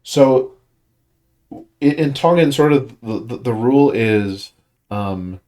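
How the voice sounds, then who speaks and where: A medium-pitched, slightly mellow man speaks slowly and expressively while leading a language study group. He explains pronunciation casually, thinking out loud with frequent fillers and restarted sentences.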